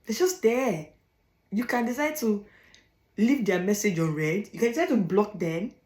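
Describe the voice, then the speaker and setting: This vlogger is a young African woman giving blunt, emphatic advice in a casual monologue, repeating phrases for stress and laughing between points. Her medium-pitched voice is a little mellow, with lively intonation and normal speed. The low-quality recording comes from an echoey room.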